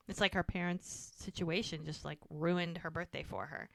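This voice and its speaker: A woman's voice: fairly low pitch, steady tone, moderate pace, creaky, dry recording. A woman co-hosting a casual podcast, recapping a TV episode and acting out the characters' lines as she retells each scene. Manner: retells scenes with quoted dialogue. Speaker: podcast co-host.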